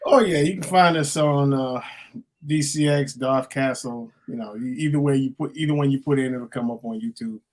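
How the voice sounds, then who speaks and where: A man's voice: mid-range voice, moderate pace. Easygoing man plugging his show. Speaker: podcast guest. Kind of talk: casual chat.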